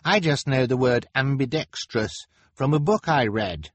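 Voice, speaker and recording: A man's voice: medium pitch, expressive, a little slow, breathy edge, no room sound, pitched above the performer's own voice. A man voicing a clever young boy with a raised, precise, bookish delivery. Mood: eager.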